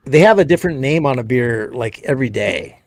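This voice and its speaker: A man's voice: mid-range voice, animated, brisk, a little mellow, no echo. Dry-sounding male podcast co-host. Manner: laid-back, swears casually. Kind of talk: casual chat.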